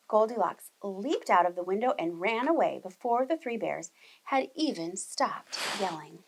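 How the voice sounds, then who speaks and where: A woman teacher reading a storybook aloud to young children, animated and talking to them directly. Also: medium pitch, normal speed, poor audio.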